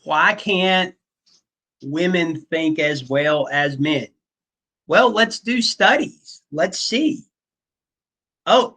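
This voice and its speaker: A male history teacher lecturing his class in a loose, joking manner. He talks slowly, with plenty of fillers and asides. His voice sits high and sounds bright. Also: low-quality recording. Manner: casual, joking, many fillers.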